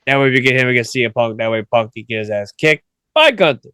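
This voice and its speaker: A man's voice: mid-range voice, expressive, fast talker, sharp tone, clear, resonant tone, dry recording. A man hosting a podcast in casual chat, sleepy and yawning, rambling in a laid-back way. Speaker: podcast host.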